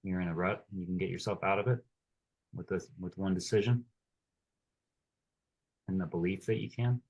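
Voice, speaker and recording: Deep-voiced halting man. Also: steady tone, darkish tone, breathy edge, lo-fi sound. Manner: halting, restarts often. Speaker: workshop participant. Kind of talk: sharing a personal story.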